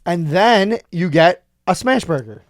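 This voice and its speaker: A man's voice: high-pitched, expressive, a little slow, no room sound, clean studio sound. Blunt-talking man co-hosting a podcast. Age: 30s. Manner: blunt, crude banter. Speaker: podcast co-host. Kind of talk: casual comedy podcast chat.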